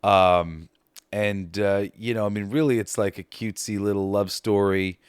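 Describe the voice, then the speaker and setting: A man hosting a podcast, chatting casually and excitedly about favorite comedy films, swearing and laughing as he retells scenes. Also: lowish voice, moderate pace, clear, resonant tone, no room sound, clean studio sound. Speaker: podcast host. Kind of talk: casual movie ranking chat.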